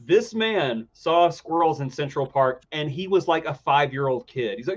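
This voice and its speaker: Playful man with lively pitch. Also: moderate pace, hardly any pauses, dull audio. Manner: playful, mimics others in squeaky voices. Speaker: podcast co-host. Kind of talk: casual chat.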